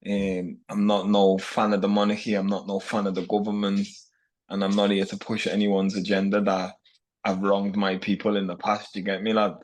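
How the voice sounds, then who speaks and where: A man's voice: lowish voice, completely flat delivery, moderate pace. A man with a Scouse accent from Liverpool, a fighter talking bluntly and brashly as a podcast guest. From Liverpool, England. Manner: brash, blunt, says "lad" constantly. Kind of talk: casual podcast chat.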